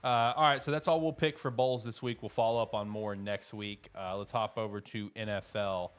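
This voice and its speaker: A man co-hosting a casual sports show, animated and joking, laughing often. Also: on the low side, moderate pace, smooth. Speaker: podcast co-host.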